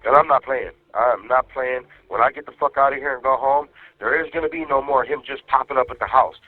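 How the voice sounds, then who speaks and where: Angry fast-talking man on a tinny phone line. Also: mid-range voice. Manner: angry, profane ranting. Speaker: caller on a phone call with his wife. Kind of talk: casual phone conversation.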